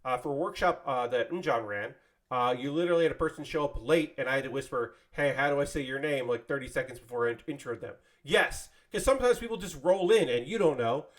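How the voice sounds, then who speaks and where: A man's voice: medium pitch, animated, quick pace. A man chatting casually on a live stream while building, rambling and swearing freely as he thanks viewers. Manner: thanks viewers and subscribers by name.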